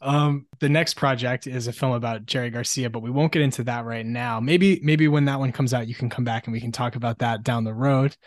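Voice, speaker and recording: A man's voice: medium pitch, fairly even intonation, fairly quick, hardly any pauses, no room sound, studio quality. A young man co-hosting a podcast, eagerly asking questions and laughing along in casual interview chat. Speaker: podcast co-host.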